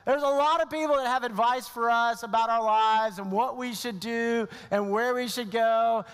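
A man's voice: very high-pitched, fairly bright tone, smooth, big-room sound. A middle-aged male pastor giving a sermon, telling a story in a conversational way with asides.

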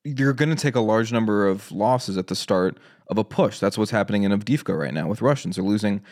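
A man debating the war on a casual podcast, speaking in halting bursts full of "like" and "right?". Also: on the low side, expressive, a little mellow. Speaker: podcast guest.

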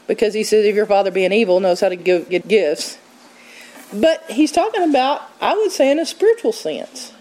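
A woman teaching on scripture in a conversational, animated way, quoting verses and acting out what people said. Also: fairly high pitch, low-quality recording. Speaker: Bible teacher.

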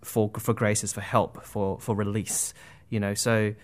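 This Catholic man talks about faith in a relaxed, sincere way, frequently starting sentences over and tossing in "you know" and "right?" His voice is on the low side and level, moving a little slowly.

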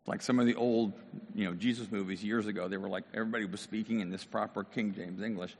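Male pastor, animated conversational sermon, middle pitch, long hall reverb. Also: fast.

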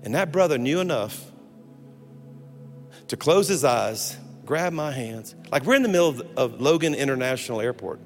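A man preaching as a pastor, telling a funny personal story in an animated way and breaking off to restart his sentences. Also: medium pitch, normal speed. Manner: animated, humorous, self-interrupting storyteller. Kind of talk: storytelling sermon. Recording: long hall reverb with faint music.

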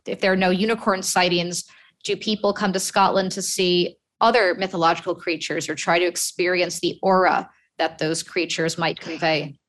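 A woman's voice: mid-range voice, a bit bright. A woman podcast host asking long, rambling interview questions full of fillers.

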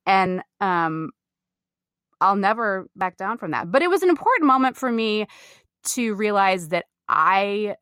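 A middle-aged woman from the Midwest, an actor telling candid stories in an interview, animated and emphatic, swearing freely. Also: mid-range voice, a little slow, clean tone, no echo, clean studio sound. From American Midwest.

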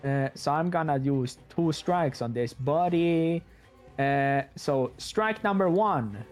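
Man player explaining his moves at a tabletop game, halting, slightly high voice. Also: expressive, soft background music. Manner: halting, many fillers and restarts.

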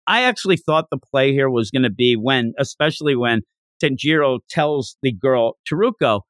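Animated man recapping a manga chapter. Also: medium pitch, normal speed, no room sound, clean studio sound. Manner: animated, laughing, acts out characters' lines. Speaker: podcast host.

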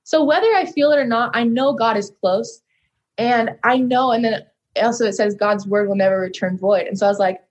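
A woman's voice: a little high, a little fast. Young woman guest with a slightly raised voice, candidly recounting a personal story in a loose, rambling way. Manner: earnest, rambling, heavy use of "like" and "so". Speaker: podcast guest.

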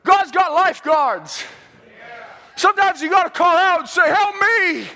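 A man preaching a fervent sermon in church, shouting praise and swinging between loud and soft. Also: very high-pitched, animated, moderate pace, long reverb tail. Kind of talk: pentecostal sermon. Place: church sanctuary.

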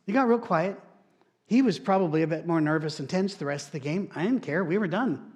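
A man's voice: a little high, lively intonation, fairly quick. Emphatic preacher man. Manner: storytelling, emphatic, mock-quotes others in shifted voices. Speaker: pastor. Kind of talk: sermon.

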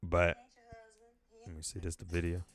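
A man's voice: deep voice, little pitch movement, moderate pace, over music. A man in his thirties hosting a casual podcast, rambling, swearing freely and laughing as he goes. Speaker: podcast host. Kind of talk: casual chat.

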